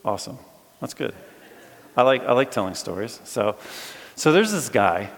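A man preaching a storytelling sermon to a live audience, talking in a casual way full of restarts and turning animated when the story gets exciting. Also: mid-range voice, normal speed. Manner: animated, bursts of excitement when telling stories; conversational, with many fillers and restarts. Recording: long reverb from a large hall.

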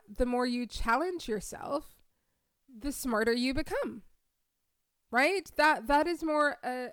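A woman's voice: sits high, clean tone, no room sound, studio quality. A woman, hosting a solo podcast in an upbeat, encouraging way and often asking "right?". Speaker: podcast host and careers coach.

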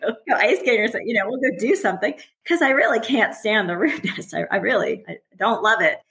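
A woman's voice: on the high side, expressive, fast, a bit bright, poor audio. A woman in her forties, a former teacher and parent, talking candidly as a podcast guest, chatty and often laughing. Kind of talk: casual conversational interview.

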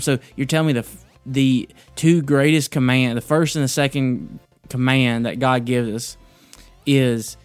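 A man hosts a casual devotional talk, halting and restarting often as he tells a joke and then talks through scripture. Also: medium pitch, clean tone, dry recording. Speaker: podcast host.

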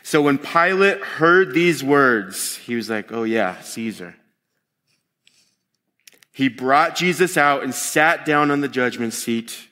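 A man preaching a sermon to a live congregation in a conversational, animated way, with expressive groans of disgust and quick voiced asides. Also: in a large hall. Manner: conversational and animated, acting out quotes with sharp pitch jumps.

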